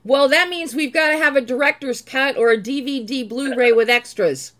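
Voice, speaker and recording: A woman's voice: high-pitched, moderate pace, fairly bright tone. A woman interviewing a film director, asking enthusiastic, appreciative questions.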